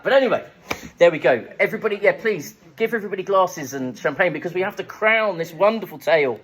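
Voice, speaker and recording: A man's voice: high-pitched, expressive, fast. A young Englishman giving a comic local-history talk at a festival, chatty and self-mocking, with jokey asides to the audience. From England. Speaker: festival speaker. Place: live event room with an audience.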